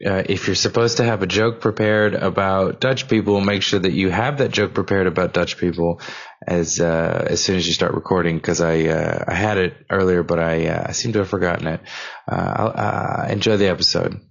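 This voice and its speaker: A man hosting a podcast, giving a rambling, halting introduction full of ums and uhs. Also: low-pitched, steady tone, gravelly, muffled recording. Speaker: podcast host.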